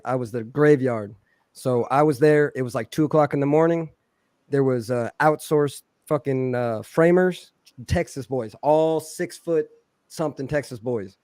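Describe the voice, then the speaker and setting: A man's voice: on the high side, dry recording, clean studio sound. A man telling a long, profane story on a casual podcast, acting out the people he quotes. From Philadelphia. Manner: profane, animated, acts out quoted voices loudly.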